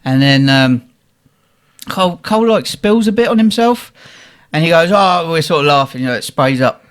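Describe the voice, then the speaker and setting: A man's voice: a little high, normal speed, clear, resonant tone. A young man telling a casual anecdote, laughing often and acting out what people said. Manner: laughing often, animated anecdote with quoted voices. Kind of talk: casual storytelling.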